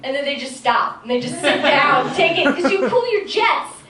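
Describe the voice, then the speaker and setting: A woman's voice: high voice, lively intonation, normal speed, a loud crowd. A young woman from New Jersey doing a stand-up comedy set in a club, rambling and self-deprecating with lots of fillers. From New Jersey, USA. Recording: roomy club sound from a distance. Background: audience laughter.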